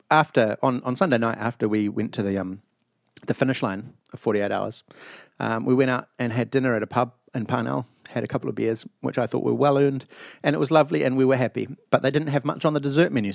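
Profane, animated New man, gravelly. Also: mid-range voice, a little fast, dry recording, clean studio sound. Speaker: podcast host. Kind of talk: casual chat. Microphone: online call mic.

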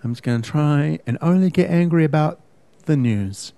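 A man's voice: fairly high pitch, expressive, normal speed, creaky, warm tone, no room sound. A man co-hosting a podcast in casual chat, ranting emphatically and fussing over word meanings. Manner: ranting, emphatic, pedantic about words. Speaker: podcast co-host.

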